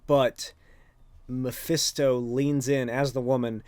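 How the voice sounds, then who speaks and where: A man's voice: medium pitch, flat delivery, takes it slowly, darkish tone, dry recording. A man hosting a podcast, recapping a comic in a rambling, casual way with lots of swearing and filler words. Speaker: podcast host.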